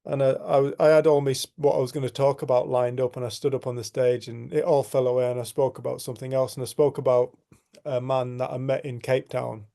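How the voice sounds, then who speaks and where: A man's voice: mid-range voice, flat delivery, fast, gravelly, dark tone. A man hosting a community group, telling a heartfelt personal story in an earnest, reflective way with frequent restarts. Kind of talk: storytelling in casual conversation.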